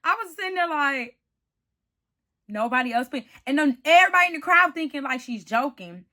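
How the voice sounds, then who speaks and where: A woman giving a casual, animated reality-TV recap, chatty and calling the viewer "honey" and "baby". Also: sits high, fairly quick. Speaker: TV show reviewer.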